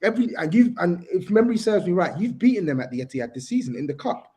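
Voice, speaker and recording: This man's voice is high and sing-song with a dark tone, and he talks quickly. Co-hosting a podcast, he argues fiercely about football, cutting across others and repeating himself until he's made his point.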